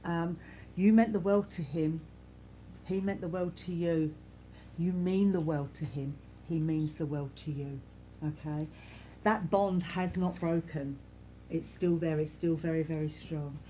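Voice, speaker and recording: A woman serving as a spiritualist medium, speaking softly and reassuringly to a congregation in a church, repeating herself often. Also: low-pitched, steady tone, a little slow, slight background noise. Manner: gentle, reassuring, repetitive, many "you know"s. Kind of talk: giving spirit messages to a congregation.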